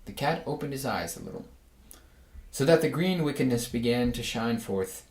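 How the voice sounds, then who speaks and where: A man's voice: medium pitch, normal speed. Man reading a storybook aloud, echoey room. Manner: reads with lively voices for the animals.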